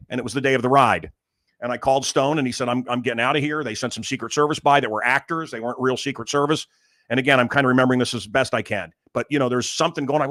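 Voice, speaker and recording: Middle-aged male podcast host, bright tone, rambling and animated, acts out quotes. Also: medium pitch, fast. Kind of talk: casual storytelling chat. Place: room in a house.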